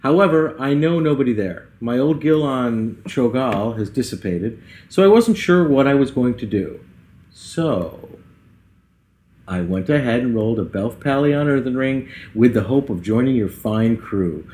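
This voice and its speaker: A man co-hosting a gaming podcast in a casual chat, reading listener emails aloud in a relaxed way and laughing at his own slips. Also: mid-range voice, measured pace. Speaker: podcast co-host. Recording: echoey room sound.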